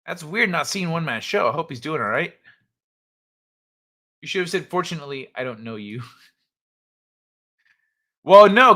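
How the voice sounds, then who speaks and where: A man's voice: fairly high pitch, normal speed, long pauses. A man hosting a late-night livestream, chatting casually with viewers, laughing often and swearing while retelling stories. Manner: laughs a lot, swears, quotes people in animated voices. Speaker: livestream host. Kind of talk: casual chat with live chat.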